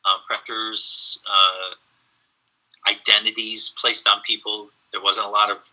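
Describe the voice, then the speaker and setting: A man with a very bright, sharp tone chats as a podcast guest. He muses on ideas and slips into lively storytelling, throat-clearing and saying "um" as he goes. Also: on the low side, unhurried, poor audio. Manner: animated storyteller, frequent fillers. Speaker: podcast guest, spiritual teacher. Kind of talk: casual reflective conversation.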